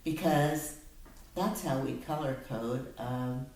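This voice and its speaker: Low-voiced woman tutor in an echoey room. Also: slow, darkish tone, recorded from a distance. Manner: patient, explains step by step. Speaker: reading and spelling tutor. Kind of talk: one-on-one phonics lesson. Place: room with a whiteboard. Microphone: laptop camera on a table.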